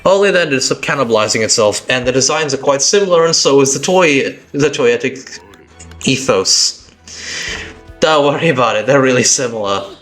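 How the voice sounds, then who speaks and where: A man's voice: medium pitch, expressive, normal speed, a bit bright, faint music behind. A man with a British accent, a tired streamer chatting casually on a live stream, rambling and correcting himself as he goes.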